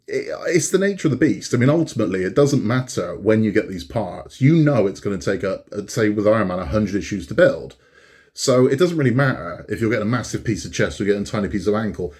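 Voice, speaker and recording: A middle-aged man chats casually in a fairly low voice. He rambles easily, restarts his sentences and laughs often as he talks. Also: darkish tone. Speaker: channel host. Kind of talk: casual chat.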